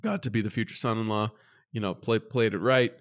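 A man co-hosting a podcast, telling a story in casual chat and jumping up in pitch when he acts out his exasperation. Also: brisk. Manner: animated storyteller, jumps high when mimicking exasperation. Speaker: podcast co-host.

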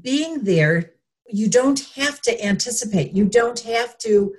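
Slow, breathy woman reflecting thoughtfully. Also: on the high side, lively intonation, darkish tone. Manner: slow, thoughtful, halting with pauses. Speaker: guest. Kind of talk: reflective conversational interview.

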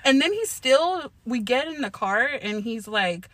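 High bright-voiced profane woman. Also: unhurried, few pauses, dry recording. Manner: profane, animated storyteller who acts out quotes. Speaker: podcast co-host. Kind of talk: casual storytelling chat.

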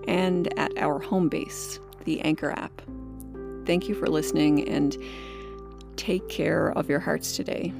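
A woman's voice: lowish voice, gravelly. A woman hosting a podcast, talking in a casual monologue, earnest and encouraging and swearing casually. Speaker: podcast host.

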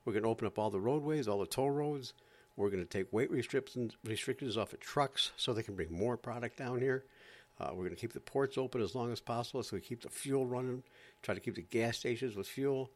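A man playing a calm, plain-spoken governor announcing emergency measures. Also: medium pitch, fairly quick, lightly acted. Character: calm male state governor giving orders.

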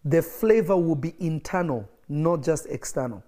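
A man's voice: a little high, expressive, normal speed, dark tone. A man preaching an emphatic livestreamed sermon, repeating phrases for effect, with coughs and laughs between points.

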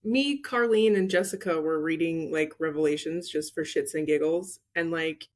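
A woman's voice: sits low, moderate pace, darkish tone. Blunt, joking woman co-hosting a podcast. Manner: blunt, joking, casual swearing. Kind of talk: casual podcast chat.

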